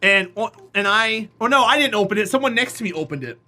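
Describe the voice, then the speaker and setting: Role: live streamer. Style: casual rambling storytelling. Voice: bright, mid-pitched. Mic: desk microphone. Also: fast talker. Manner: animated, slips into acted voices.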